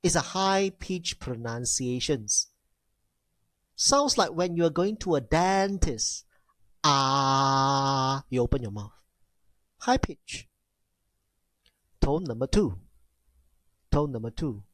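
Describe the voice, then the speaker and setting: Man, language teacher, unhurried, repeats himself, exaggerated tone demos, dry sound. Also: fairly high pitch, big pitch swings, dry recording. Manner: repeats key phrases, addresses class as ladies and gentlemen; demonstrates tones with exaggerated sounds. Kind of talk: classroom lecture.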